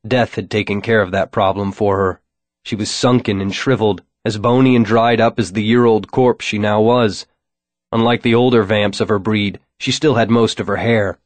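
A man narrates a first-person story in a measured, wry way, his voice sitting on the low side. The recording is dry and close, with no room sound. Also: no room sound. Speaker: audiobook narrator.

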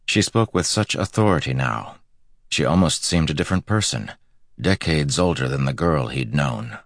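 A man narrating a fantasy audiobook in a steady, measured storytelling manner. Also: extremely low pitch, vocal fry, no room sound, clean studio sound.

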